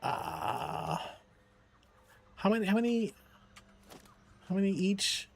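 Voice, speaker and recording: A man's voice: high voice, wildly swooping pitch, takes it slowly, vocal fry, breathy edge, soft background music. A man streaming games for charity, chatting casually with viewers and his dog. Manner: chatty, talks to his dogs and chat. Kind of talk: casual live-stream chat.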